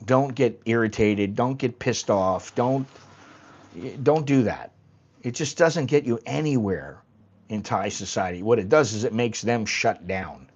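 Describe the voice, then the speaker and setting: A man's voice: on the low side, lively intonation, measured pace, muffled recording. Blunt, rambling man on a livestream. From United States. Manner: rambling, blunt storytelling with casual swearing. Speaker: livestream host. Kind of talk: casual livestream chat.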